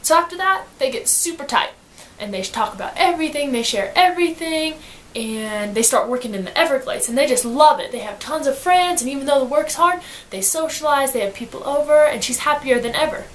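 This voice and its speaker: A woman giving a casual book summary in slangy, animated storytelling, acting out quotes as she goes. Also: high voice, brisk, slight background noise. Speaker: student reviewer.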